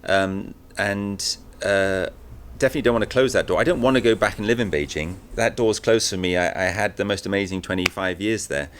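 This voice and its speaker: Low-voiced man talking candidly. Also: brisk, few pauses, slight background noise. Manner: candid and animated, with many fillers and restarts. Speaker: guest. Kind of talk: casual interview talk. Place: book and music shop, live recording.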